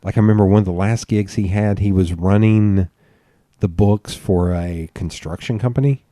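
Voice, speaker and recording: A male podcast host with a low, mellow voice tells loose, animated stories, swearing freely and laughing often. The sound is close and dry. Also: moderate pace, dry recording. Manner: laughs often mid-sentence. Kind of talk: casual chat.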